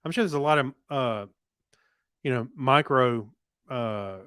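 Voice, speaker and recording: A man co-hosting a podcast, chatting casually with quick asides and restarts. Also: medium pitch, bright, forceful tone, clear, resonant tone, dry recording, studio quality. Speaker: podcast co-host. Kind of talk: casual tech news chat.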